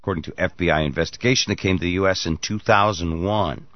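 A man's voice: deep voice, quick pace, dry recording, muffled recording. A man hosting a morning radio talk show, joking with his co-hosts and reading news items aloud. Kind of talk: casual morning show banter.

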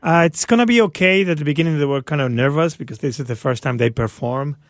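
A man co-hosting a morning radio show, English not his first language, telling stories with halting restarts. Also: on the high side, no room sound, studio quality. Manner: halting, restarts, animated storytelling. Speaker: radio co-host. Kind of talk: casual radio banter.

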